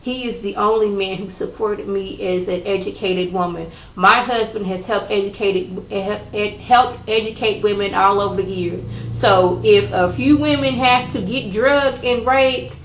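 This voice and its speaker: A woman playing an older wife who is cold and unbothered, speaking in a calm, matter-of-fact way at a middling pitch. The voice echoes around a roomy space. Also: a little slow, few pauses, slight background noise, natural voice. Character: cold self-assured older wife defending her husband. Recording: roomy echo.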